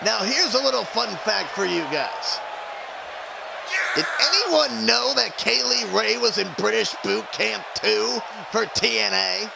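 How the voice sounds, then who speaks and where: A man's voice: high-pitched, animated, measured pace, vocal fry, over a noisy crowd, heavy background noise. A man doing play-by-play wrestling commentary on a live stream, hyping the matchup and greeting viewers by name. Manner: hype announcer, chatting to live stream viewers. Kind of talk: play-by-play commentary of a video game wrestling show.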